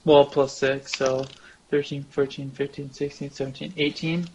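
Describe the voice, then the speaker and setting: A man's voice: medium pitch, level tone, normal speed, a little mellow, husky, muffled recording. A man playing a tabletop role-playing game, brash and swearing freely in casual banter. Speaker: player.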